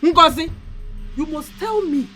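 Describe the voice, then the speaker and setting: An actress playing an indignant middle-aged mother in a Nigerian film, shouting and exclaiming as she confronts a rival; Nigerian accent. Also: high voice, measured pace, soft background music. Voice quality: loud, exclaiming, lively. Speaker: mother and wife. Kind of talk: Nollywood film acting.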